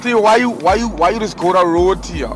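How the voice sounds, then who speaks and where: A man's voice: high voice, fairly quick, over music. A man, a traveling artist, insistently scolding and repeating himself in a heated argument inside a moving car.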